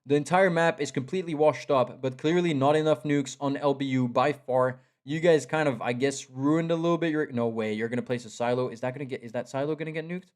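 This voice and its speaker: A young man giving live commentary on a strategy game match. He is excitable, repeats himself and talks straight to the players. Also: medium pitch, brisk, hardly any pauses. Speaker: esports caster.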